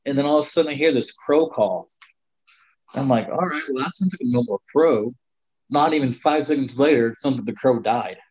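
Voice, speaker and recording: A middle-aged man tells a hunting story in a loose, rambling way, leaning on "you know" between phrases. His voice sits at an ordinary middle pitch. The recording sounds a little dull and lo-fi. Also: fairly quick, darkish tone, husky. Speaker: guest storyteller. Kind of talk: casual spoken hunting story.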